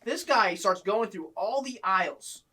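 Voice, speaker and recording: A man telling funny stories from his old job in casual chat, animated and swearing freely. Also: sits high, unhurried, distant mic. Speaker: guest storyteller.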